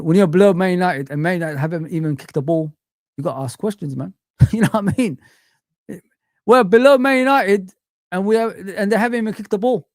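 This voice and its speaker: A man's voice: a little high, no room sound. Young male streamer, exasperated swearing rant, dry close mic. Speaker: fan channel livestream host. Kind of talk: casual livestream rant.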